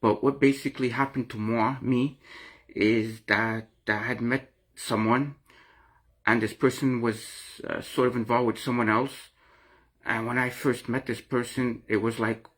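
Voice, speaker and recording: A man's voice: mid-range voice, flat delivery, a little slow, fairly bright tone. A middle-aged man vlogging an earnest, rambling account of his own experience, often repeating and restarting his phrases. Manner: earnest and emotional. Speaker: vlogger sharing personal experience. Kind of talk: personal confessional talk to camera.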